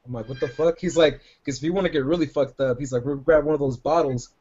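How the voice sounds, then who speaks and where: A man's voice: a little high, fast talker, warm tone, slightly rough, muffled recording. A man co-hosting a podcast, telling a long rambling story full of profanity in casual chat. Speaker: podcast co-host.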